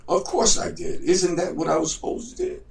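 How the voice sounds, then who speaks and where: Gullible, whiny tattler, voiced by a man well above his own pitch; roomy, distant sound. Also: fairly quick, vocal fry. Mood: indignant.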